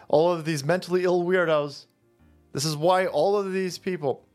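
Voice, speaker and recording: A man hosting a commentary show, ranting in a combative, mocking way and swearing constantly. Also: on the high side.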